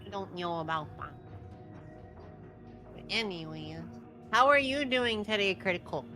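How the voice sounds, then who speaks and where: A woman's voice: mid-range voice, unhurried, bright, forceful tone, soft background music. A woman co-streaming a game, casually chatting and mock-scolding the chat with playful swearing. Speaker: co-op streaming guest.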